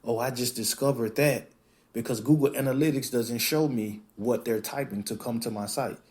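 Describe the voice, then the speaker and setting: A man hosting a podcast, talking in a casual, animated monologue that acts out quoted voices and swears freely. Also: mid-range voice, normal speed. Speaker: podcast host.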